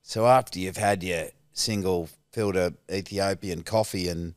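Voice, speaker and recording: A man's voice: low voice, fairly even intonation, a little slow, no room sound, studio quality. Rambling Australian man in his forties. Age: 40s. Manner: rambling, anecdotal, swears freely, laughs through stories. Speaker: actor guest. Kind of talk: casual podcast chat.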